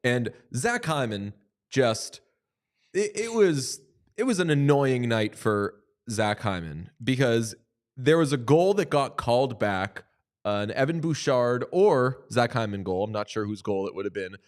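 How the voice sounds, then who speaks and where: A man's voice: medium pitch, lively intonation. Man riffing on hockey, jokey. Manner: jokey, quick asides and mock quotes. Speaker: podcast co-host. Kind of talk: casual hockey chat.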